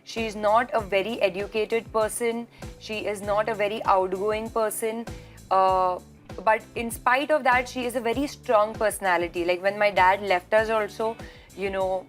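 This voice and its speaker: A woman's voice: mid-range voice, fairly even intonation, moderate pace, faint music behind. A woman actress answering interview questions over a video call, earnest and reflective, often restarting her sentences. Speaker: actress guest.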